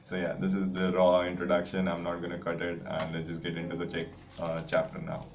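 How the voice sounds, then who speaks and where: A man's voice: sits low, completely flat delivery, brisk, slight background noise. A young man, teaching a literature lesson in a rambling, casual way full of "like" and "uh". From India. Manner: chatty, rambling, frequent "like" and "uh" fillers. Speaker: English teacher.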